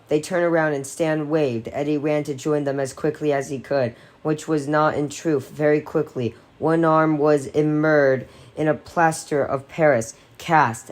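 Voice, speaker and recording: A woman reading a horror novel aloud in a measured, steady way. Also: deep voice. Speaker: audiobook reader.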